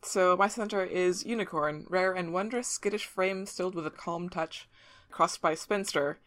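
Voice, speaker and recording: A woman running a tabletop game over a voice call, calmly explaining the rules step by step. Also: lowish voice, normal speed. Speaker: game facilitator. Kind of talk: casual chat over voice call.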